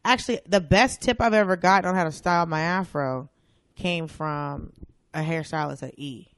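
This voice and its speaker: A woman's voice: sits low, normal speed, no room sound, studio quality. A young woman chatting as a guest, telling stories and acting out what people said. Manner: animated storyteller, acts out quotes. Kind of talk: casual chat.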